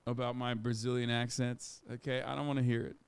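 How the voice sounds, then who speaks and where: A man's voice: mid-range voice, level tone, a little fast, gravelly, smooth. Casual, sarcastic male streamer. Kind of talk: casual live-stream commentary.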